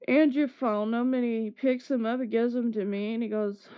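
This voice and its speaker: A woman's voice: on the high side, steady tone, moderate pace, smooth. A woman streamer chatting casually, telling a long story with swearing and laughter. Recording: muffled lo-fi stream audio.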